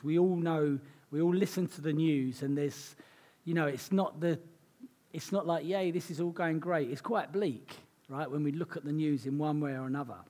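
A male preacher delivers his sermon with a hoarse, croaky voice. He sits a little high in pitch and talks earnestly, dropping in conversational asides. The husky edge never leaves his speech. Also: dark tone.

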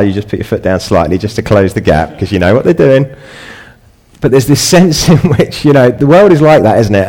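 A man's voice: deep voice, darkish tone. A middle-aged man preaching a sermon in a conversational way, building to emphatic peaks. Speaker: pastor.

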